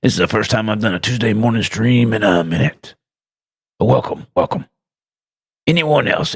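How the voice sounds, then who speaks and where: A man hosting a casual live stream, loudly greeting his chat with rambling, profane, self-mocking asides. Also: lively intonation, normal speed, creaky, long pauses. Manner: greets chat loudly with big swooping pitch jumps. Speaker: livestream host.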